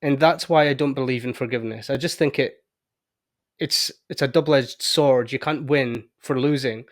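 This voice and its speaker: A man's voice: mid-range voice, moderate pace. A man hosting a podcast, talking candidly and reflectively in casual conversation. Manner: candid, reflective, animated when telling stories. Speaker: podcast host.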